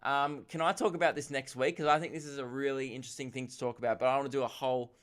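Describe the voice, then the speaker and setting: A man's voice: mid-range voice, steady tone, fairly bright tone. An Australian man in his twenties hosting a comedy podcast, answering listener questions in a rambling, self-mocking way. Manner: rambling, self-mocking, quick asides and laughs.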